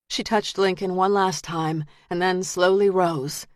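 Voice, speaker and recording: A woman narrating an audiobook thriller in a measured, tense manner. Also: on the low side, steady tone, no room sound, clean studio sound. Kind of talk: scripted narration.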